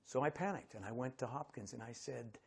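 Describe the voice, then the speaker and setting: A middle-aged man, an actor, telling an animated story to an audience and acting out the voices of the people in it. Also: mid-range voice, fairly quick, creaky, slightly rough. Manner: animated, acts out voices of others in his stories.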